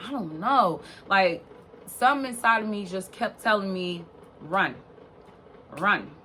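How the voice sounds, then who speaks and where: A woman's voice: mid-range voice, fairly bright tone, slight background noise. Young woman rambling through a storytime. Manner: rambling, fillers like "or whatever", swearing. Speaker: vlogger. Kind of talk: casual storytime.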